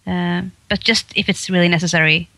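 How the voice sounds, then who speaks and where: A woman's voice: lowish voice, steady tone, fairly quick, sharp tone, no echo. A woman with a Swedish accent, a voice actress and comedian chatting in an interview, laughing often and restarting sentences. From Sweden. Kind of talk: casual interview chat.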